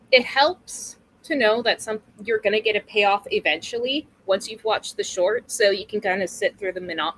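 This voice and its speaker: Bright-voiced chatty woman in her thirties. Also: medium pitch, slight background noise, low-quality recording. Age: 30s. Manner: chatty and rambling, laughs often, swears casually. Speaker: guest streamer. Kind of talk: casual interview chat.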